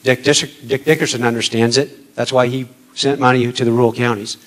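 A man giving a candidate's statement at a debate, halting with many pauses and earnest, at times emotional. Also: mid-range voice, steady tone, a bit bright, poor audio. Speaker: political candidate.

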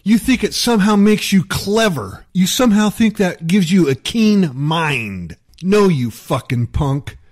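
A man rants furiously into the camera, his voice pitched a little high and swinging wildly up and down. He swears constantly and spits out mockery with heated scorn. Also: expressive, measured pace. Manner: heated, profane, mocking. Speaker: YouTube commentator. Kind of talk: angry rant.

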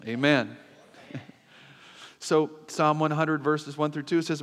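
Male pastor preaching, kinda high voice, emphatic, lots of call and response, big echoey church hall. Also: moderate pace, fairly bright tone. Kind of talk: sermon. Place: church sanctuary. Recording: long hall reverb.

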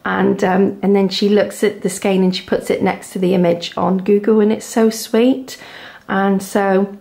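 A woman in her thirties with a Devon accent, chatting casually at home as a knitting vlogger, gushing softly over her yarn. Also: mid-range voice, flat delivery, measured pace, vocal fry. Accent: Devon English. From England. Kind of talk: casual chat to camera. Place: home, indoors.

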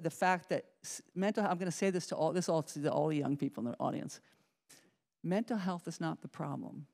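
A middle-aged woman, a psychology professor, giving a lively public lecture, restarting sentences and talking straight to the audience. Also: sits low. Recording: reverberant lecture hall.

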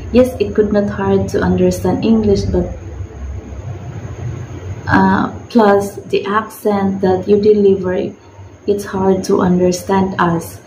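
Filipina woman, filipino accent, slow unhurried talk, echoey room, noisy background. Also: medium pitch. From Philippines. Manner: rambling, many fillers and restarts. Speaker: vlogger. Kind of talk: casual advice vlog.

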